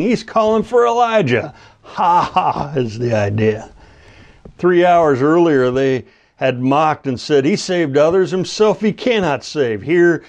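A man preaching a sermon, teaching through a Bible passage in a measured, deliberate way and quoting scripture. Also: medium pitch, darkish tone. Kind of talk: expository sermon.

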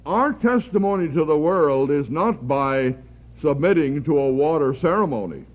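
A man preaching a sermon, earnest and deliberate, lifting his voice for emphasis. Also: a little high, lively intonation. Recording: tinny phone-like archival recording.

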